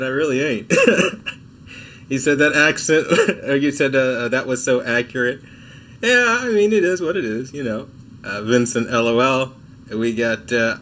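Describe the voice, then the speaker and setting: Bright-voiced, sick, laid-back man chatting. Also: medium pitch, slight background noise. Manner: laid-back, chatty, self-mocking, laughs often. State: sick, coughing and clearing throat. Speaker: TV tech livestream host. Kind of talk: casual livestream chat answering viewers. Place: home.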